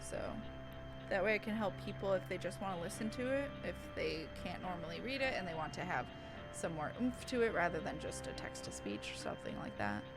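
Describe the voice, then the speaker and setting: A woman's voice: fairly low pitch, big pitch swings, a little fast, rough recording. A young adult woman streamer who reads aloud dramatically, then chats casually, gushing and swearing freely. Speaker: streamer reading aloud to chat. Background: background music.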